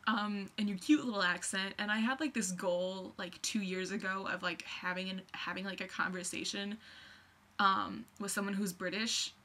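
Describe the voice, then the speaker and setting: A woman's voice: medium pitch, steady tone, normal speed, bright, forceful tone. A young woman rambling in a casual vlog, gushing and scattered, full of fillers. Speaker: vlogger.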